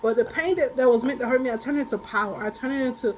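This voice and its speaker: Woman, high voice, tarot reader, casual storyteller, quick to laugh, blunt and colloquial. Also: a little hiss or hum, poor audio. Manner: animated, laughs often while telling stories. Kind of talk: casual spiritual chat.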